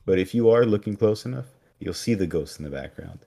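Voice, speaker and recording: Deep-voiced man with wry asides. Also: expressive, fairly quick, gravelly, mellow. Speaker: podcast co-host. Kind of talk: casual recap chat.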